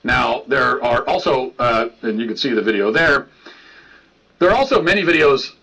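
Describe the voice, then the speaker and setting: Husky-voiced man narrating a video essay. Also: mid-range voice, expressive, moderate pace, bright, forceful tone. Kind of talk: scripted commentary narration. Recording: muffled lo-fi video playback.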